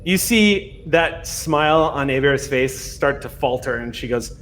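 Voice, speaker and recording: A man narrating a tabletop role-playing game as game master, relaxed and often laughing. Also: medium pitch, a little slow, slight background noise.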